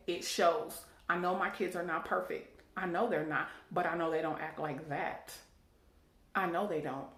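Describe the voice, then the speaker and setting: A woman's voice: medium pitch, fairly bright tone. A worn-out woman venting to her viewers, preachy and emphatic, repeating herself and tagging lines with "okay?". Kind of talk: emotional personal vent. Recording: echoey room.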